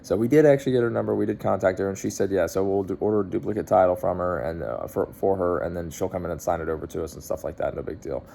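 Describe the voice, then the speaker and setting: A man with a low, mellow voice and a gravelly edge tells a long story in a loose, rambling way. He stops and restarts often and fills gaps with fillers. Faint noise sits behind him. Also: fast talker, few pauses. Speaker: car dealer. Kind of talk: casual storytelling.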